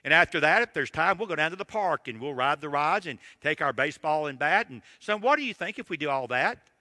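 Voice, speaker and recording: A man voicing a kind father who soothes his grieving little son with quick, coaxing promises. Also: fairly high pitch, animated, pushed and bright, dry recording, long reverb tail. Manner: coaxing, rapid string of promises.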